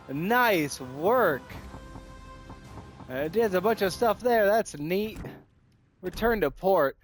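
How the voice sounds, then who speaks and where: A man talking through his own gameplay in an unhurried, casual voice that sits a bit high. He thinks aloud and keeps repeating excited exclamations, with faint music underneath. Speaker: gaming video host.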